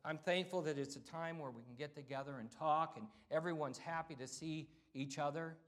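A man's voice: fairly high pitch, fairly quick. A middle-aged man, a pastor, preaching a sermon in a conversational way, repeating himself and calling out "amen" to the congregation. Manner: conversational preaching with repetitions and call-outs.

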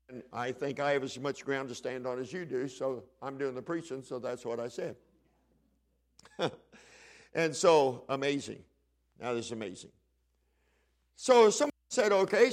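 A man preaching a sermon, telling a Bible story in a folksy way and acting out the dialogue. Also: sits high. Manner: folksy, plays the story's characters in quick dialogue.

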